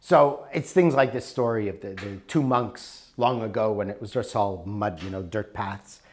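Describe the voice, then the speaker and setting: A man's voice: fairly low pitch, moderate pace, slight background noise. A man teaching a self-help workshop in an emphatic, conversational way. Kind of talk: recorded workshop talk.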